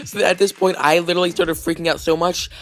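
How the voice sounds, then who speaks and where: A man's voice: a little high, level tone, quick pace, a bit bright, faint music behind. A man vlogging, telling a story casually with lots of fillers, restarts and "like"s. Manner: rambling, heavy with fillers and restarts.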